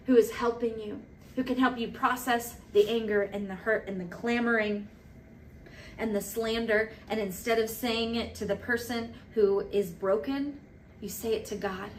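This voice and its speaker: A woman in her thirties giving a casual devotional talk as a church leader, animated and playful, with quick asides. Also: mid-range voice. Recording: recorded from a distance with faint noise.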